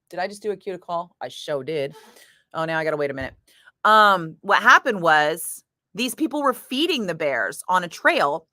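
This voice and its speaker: Bright-voiced woman DJ, swearing storyteller. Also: mid-range voice, dry recording. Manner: animated, laughing, swears freely. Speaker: radio DJ. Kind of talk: casual storytelling chat between on-air segments. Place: radio studio.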